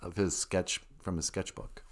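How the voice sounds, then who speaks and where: A man hosting a casual live-stream podcast, talking in a mumbly, low-key way. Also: flat delivery, normal speed. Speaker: podcast host.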